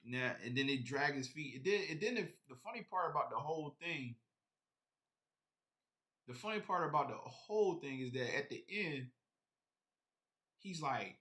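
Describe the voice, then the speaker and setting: A man's voice: on the high side, sing-song, normal speed, pauses often, sharp tone. A man chatting casually on a live stream about his sneaker collection, rambling and talking straight to his viewers.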